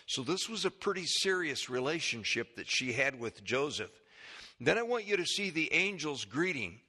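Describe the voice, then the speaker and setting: A man preaching a sermon, reading scripture in a slow, measured way and then teaching the congregation with questions. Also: on the high side, sing-song, pushed and bright, slightly rough. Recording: long echo of a large hall.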